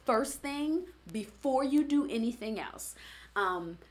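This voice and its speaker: A woman's voice: on the high side, expressive, slow. A woman who works as a fitness coach, giving a conversational motivational talk and often checking in with "right?". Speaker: fitness coach and former studio owner.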